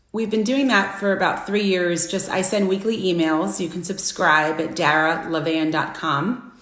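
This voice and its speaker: A middle-aged woman hosting a casual live stream, chatty and friendly, greeting viewers by name with bursts of excitement. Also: on the low side. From Florida. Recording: echoey room.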